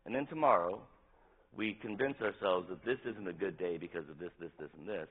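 A man's voice: low voice, brisk, breathy edge. A man preaching an interactive sermon as pastor, talking in a conversational way and asking the congregation questions. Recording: tinny phone-like sound.

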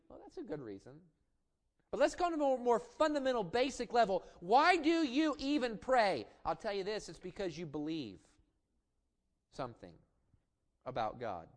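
A middle-aged pastor delivers an impassioned sermon in a notably high male voice. He stretches key lines out slowly, then falls back to soft asides. Now and then he stumbles into a stammered restart as he builds. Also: sing-song. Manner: impassioned preaching with slow drawn-out emphasis and sudden drops to quiet asides.

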